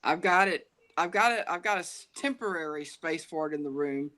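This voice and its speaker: A woman's voice: low voice, fairly quick, a bit bright. Middle-aged woman guest, easygoing, chuckles between remarks, on a video call. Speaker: panel guest. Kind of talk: casual chat.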